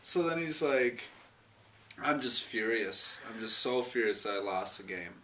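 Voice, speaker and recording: A man's voice: fairly low pitch, measured pace, bright, forceful tone. A man telling a fond, rambling personal anecdote in an interview, with many restarts and chuckles. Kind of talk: storytelling anecdote. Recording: distant mic, faint noise.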